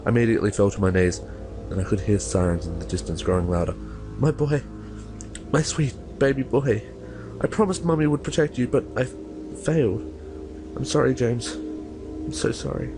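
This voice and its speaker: A young mother, torn apart by grief, recounts a nightmare in first person, as a man reads her lines aloud. The voice sits at an ordinary middle pitch and trips over the odd word. Faint music plays underneath. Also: brisk, long pauses, natural voice. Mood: frantic. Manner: first-person reading with stumbles. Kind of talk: reading a horror story aloud.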